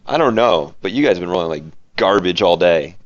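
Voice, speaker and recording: A man's voice: deep voice, lively intonation, a little fast. A man running a tabletop game as game master, teasing his players and laughing often. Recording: muffled lo-fi recording.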